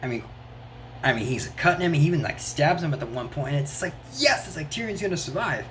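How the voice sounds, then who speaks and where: A reviewer giving a casual, excited recap of a TV episode, talking in loose bursts full of "like" and quick restarts. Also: mid-range voice, a little hiss or hum. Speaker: show reviewer.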